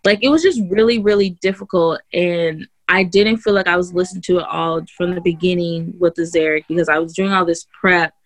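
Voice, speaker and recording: A woman's voice: fairly low pitch, fairly quick, few pauses, no room sound. Chatty woman telling her birth story. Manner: chatty, heavy use of "like" and "you know", many restarts; acts out others' lines in a raised voice. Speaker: podcast guest sharing a birth story. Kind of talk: casual personal storytelling.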